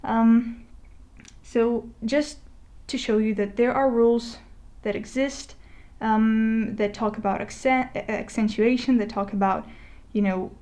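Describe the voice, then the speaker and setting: A woman teaching a Spanish lesson as a voice-over, talking in a relaxed, conversational way with fillers and restarts, slowing down to spell out example words. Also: mid-range voice. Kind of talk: explaining a lesson over a digital whiteboard. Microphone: voice-over recording.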